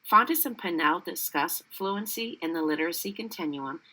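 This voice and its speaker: A woman narrates a professional-development video for teachers. Her voice sits a bit low and sounds bright and clear. She explains each point in a steady, scripted way. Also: normal speed, rough recording. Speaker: literacy educator.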